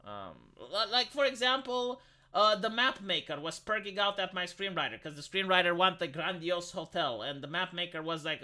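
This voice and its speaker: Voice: medium pitch, animated, normal speed, sharp tone. A live streamer ranting bluntly in casual chat, swearing often, cutting themselves off and repeating words. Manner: blunt, profane, rambling rant; self-interrupting, repeats words.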